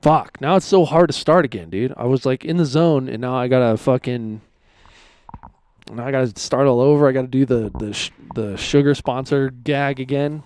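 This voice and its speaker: Smooth-voiced man hosting a podcast. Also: mid-range voice, normal speed, darkish tone, dry recording. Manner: frustrated, rambling, swears often. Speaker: podcast host. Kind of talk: casual podcast monologue.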